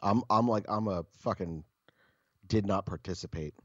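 Deep husky man telling stories. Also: moderate pace, no echo, dull audio. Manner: profane, blunt and joking. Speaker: podcast co-host. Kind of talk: casual storytelling chat.

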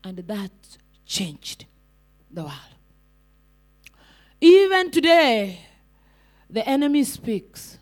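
Woman evangelist preaching, high voice, keeps asking the crowd questions. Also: big pitch swings, drawn-out words, pauses often, a little mellow. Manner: repeats rhetorical questions and calls out to the congregation. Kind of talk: sermon.

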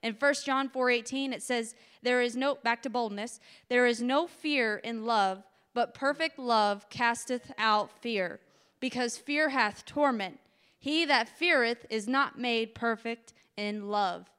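A woman delivers a sermon in an animated, conversational way. Her voice sits high and sounds bright. She drives her points home by repeating key phrases. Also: slow, clear, resonant tone, in a large hall. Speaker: preacher.

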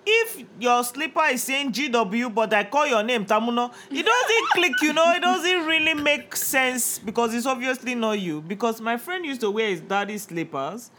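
A woman's voice: fairly high pitch, big pitch swings, normal speed, hardly any pauses, sharp tone, slight background noise. A woman co-hosting a podcast in casual chat, blunt, laughing and a little tipsy. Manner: bold, blunt, laughing, profane. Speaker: podcast co-host.

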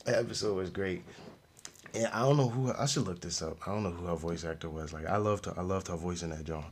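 A young man hosting a podcast, giving a casual, slangy review of a show with frequent laughs and animated outbursts. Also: fast, slightly rough. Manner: animated, slangy, laughs often, loud jumps in pitch. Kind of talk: casual solo review chat.

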